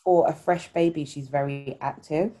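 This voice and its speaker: A woman's voice: deep voice, steady tone, normal speed, dark tone. A woman and new mother chatting casually, telling stories and acting out what people said. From Ghana. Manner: chatty, storytelling, acts out quoted voices. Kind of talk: casual chat.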